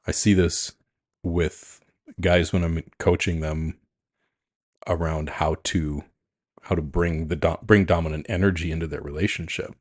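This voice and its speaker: A man with a very deep, husky voice speaks in a calm, frank and reflective way in a relaxed podcast chat. The sound is dry and close, with no room around it. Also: measured pace, no room sound. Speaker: podcast co-host, coach. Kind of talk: casual chat.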